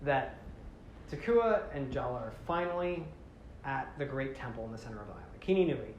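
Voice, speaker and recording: A show host with a medium-pitched, expressive voice casually recaps a story at a slightly fast pace. He rambles, using many fillers and correcting himself along the way. The recording is roomy, with faint background noise.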